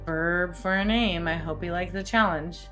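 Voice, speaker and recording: A young adult woman co-hosting a podcast, chatting playfully and reading game lines aloud with excitable energy. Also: fairly low pitch, moderate pace, soft background music. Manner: playful, excitable, reads dialogue with little voices. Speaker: podcast co-host playing a visual novel. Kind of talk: casual let's-play chat, reading game lines aloud.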